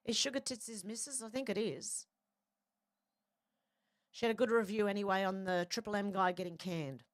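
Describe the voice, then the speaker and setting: Australian woman, livestream host, casual chat, reads comments aloud, mid pitch, dry close sound. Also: steady tone, normal speed, no echo. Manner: chatty, reads chat aloud with frequent fillers.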